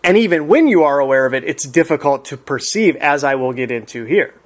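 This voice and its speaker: A man telling a personal story in an unhurried, reflective way, often laughing as he talks. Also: fairly high pitch, expressive.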